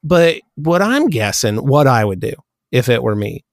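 A man's voice: medium pitch, very animated, normal speed, no echo, clean studio sound. A man co-hosting a pop-culture podcast, friendly and rambling with hesitant restarts. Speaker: podcast co-host. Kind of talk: casual chat.

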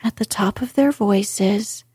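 A woman reading a storybook aloud in whispered role-play, softly and unvoiced. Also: medium pitch, slow pace, slightly rough, no echo, clean studio sound. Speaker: narrator.

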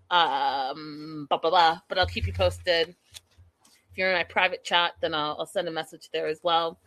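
A woman vlogger recapping a reality show in casual, animated, gossipy chat with dramatic asides. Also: fairly low pitch.

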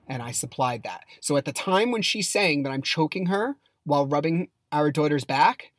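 A man's voice: a little high, a bit bright, dry recording, clean studio sound. A man hosting his own podcast, telling a personal story in a casual monologue with a heated, blunt manner. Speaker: podcast host.

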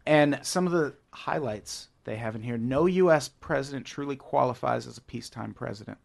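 A man's voice: medium pitch, a little fast, creaky, a crowd in the background. A man in a casual comedic podcast chat, leading the topic and reading out facts.

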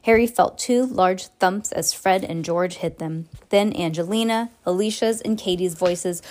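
A woman podcast host reading a book aloud, expressive, with small restarts and asides. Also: medium pitch, moderate pace, few pauses. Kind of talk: casual read-aloud storytelling.

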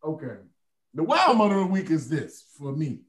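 A man's voice: on the high side, sing-song, moderate pace. A man with a Chicago accent hosting a casual podcast, rowdy and profane, laughing and talking like he's drunk. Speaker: podcast host. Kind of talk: loud casual banter.

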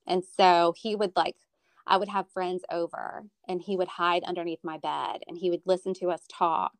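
A woman's voice: lowish voice, level tone, normal speed, no echo. A woman from Florida chatting casually and telling stories about her family, with many restarts. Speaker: guest. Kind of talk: casual chat. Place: Northern Virginia.

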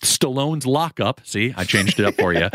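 A man's voice: sits low, a little fast, no room sound, clean studio sound. A man in his forties, a guest and actor, chatting casually and telling rambling stories while acting out the voices of people he quotes. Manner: rambling animated storytelling, acts out quoted voices. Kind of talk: casual chat.

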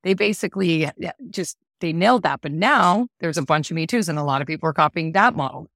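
A woman's voice: low-pitched, animated, fast, a bit bright, no room sound, clean studio sound. A woman hosting an interview, talking in an enthusiastic, chatty way with many fillers. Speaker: podcast host. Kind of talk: casual interview conversation.

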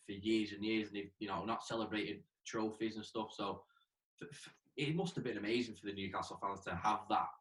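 A man's voice: fairly low pitch, brisk, fairly bright tone. A man co-hosting a podcast, making hesitant, trailing remarks. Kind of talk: casual podcast interview. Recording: roomy and distant from the mic.

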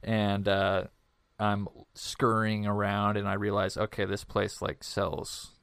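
A man's voice: on the low side, little pitch movement, slow, vocal fry, a bit bright, smooth, no echo. Young man rambling through a story. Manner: rambling, filler-heavy, self-deprecating. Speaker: podcast co-host. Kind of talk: casual storytelling.

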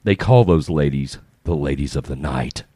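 A man giving casual, animated commentary, reading social media posts aloud with frequent laughs and exclamations. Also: extremely low pitch, moderate pace, breathy edge, no room sound, clean studio sound.

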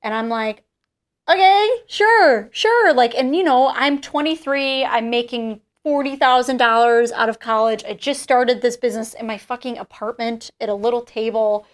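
Animated, chatty young-sounding woman host. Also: fairly high pitch, moderate pace, few pauses. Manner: animated, heavy use of "like", swears casually. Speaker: podcast host and jewelry business founder. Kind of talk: casual storytelling chat.

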